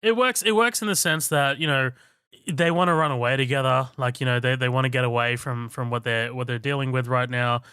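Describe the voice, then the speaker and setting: A man's voice: mid-range voice, fairly even intonation, a little fast, sharp tone, smooth, no room sound, clean studio sound. A man with an Australian accent co-hosting a podcast, hedging his movie opinions with lots of fillers. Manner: hesitant, many fillers. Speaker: podcast co-host. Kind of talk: casual movie discussion.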